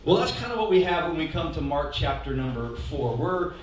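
A man preaching a lively sermon as pastor, leading the congregation in call-and-response. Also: on the high side, brisk, a little hiss or hum. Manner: animated, leads call-and-response, asks the congregation to repeat lines. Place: church hall. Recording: echoey hall, mic heard from a distance.

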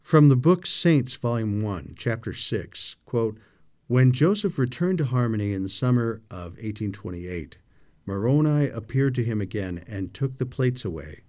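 A man's voice: lowish voice, lively intonation, measured pace, darkish tone. A man co-hosting a scripture study show, reading historical quotations aloud with dramatic expression.

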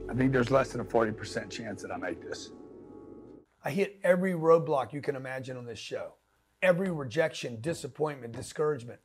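A man's voice: medium pitch, lively intonation, brisk, slightly rough, soft background music. A man giving a blunt, slangy motivational talk as a business coach, pushing the listener hard.

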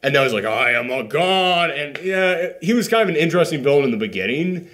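Man, casual movie review chat, animated storyteller, slightly high voice, lots of filler words. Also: quick pace.

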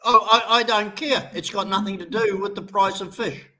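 A man's voice: sits high, moderate pace, bright, forceful tone. An older man co-hosting a heated online debate, blunt and combative, swearing freely. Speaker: show co-host.

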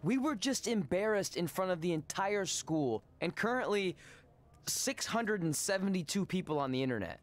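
A nerdy teenage wrestling fan, anxious and self-deprecating with a dry wit. His voice swings widely in pitch, performed as video game cutscene dialogue. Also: expressive, normal speed. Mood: glum.

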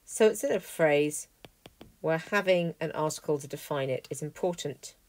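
A woman teaching a language lesson, explaining clearly and methodically, working through a text word by word. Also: sits low, moderate pace, darkish tone. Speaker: Greek teacher. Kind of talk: lesson walkthrough.

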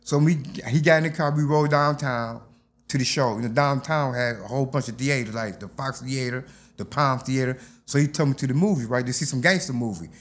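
A man's voice: mid-range voice, a little fast. A man, an interview guest telling a story in casual speech and acting out other people's lines. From Detroit, USA. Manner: animated, acts out others' lines.

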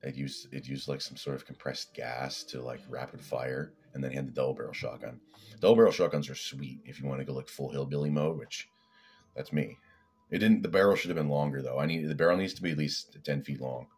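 A man's voice: extremely low pitch, steady tone, a little fast. A man from Canada rambling casually as a fitness vlogger, laid-back and swearing now and then.

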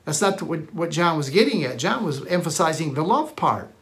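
A man's voice: on the high side, big pitch swings, moderate pace. A man preaching a sermon on a live stream, emphatic and repetitive, often restarting his phrases. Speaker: pastor.

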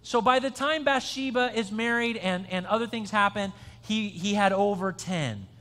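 A man with a high voice preaches a conversational sermon in a church sanctuary. He talks in a chatty, joking way and often restarts his sentences. A long hall reverb trails each phrase. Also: normal speed, fairly bright tone. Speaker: pastor. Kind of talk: conversational sermon with an interactive quiz.

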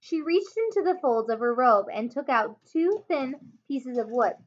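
A woman teacher reading a children's chapter book aloud, expressive, with small slips and self-corrections. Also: high voice, a little slow. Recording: dull lo-fi home recording.

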